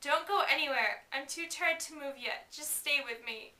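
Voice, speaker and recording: A woman voicing an exhausted teenage girl with a croaky voice, recorded in an echoey room away from the mic. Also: sits high, normal speed, pushed and bright, distant mic, slight background noise. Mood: weary.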